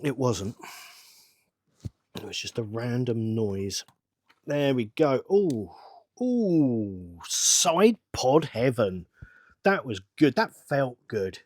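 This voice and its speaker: A middle-aged man chats away to himself as he works at a table, rambling with sudden bursts of excitement. His voice sits at an ordinary middle pitch. The recording is dry and close, with no room sound. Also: very slow, long pauses, no room sound. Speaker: channel host. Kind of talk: casual build-along chat.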